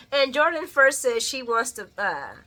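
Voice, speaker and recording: A woman doing a casual soap opera recap vlog, talking to viewers in a heated, animated, profane way. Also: high-pitched. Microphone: camera mic.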